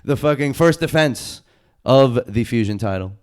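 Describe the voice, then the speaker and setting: A young man, a podcast co-host and wrestler, telling stories in loose, excited, profane casual chat. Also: medium pitch, normal speed. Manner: loose, excited storytelling full of slang and swearing.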